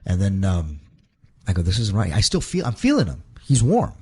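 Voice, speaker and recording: A man with a husky, slightly low voice talks through a long story in an interview. He stumbles and repeats words as he goes, reliving each moment aloud. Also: wildly swooping pitch, moderate pace, mellow. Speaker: guest, wrestler.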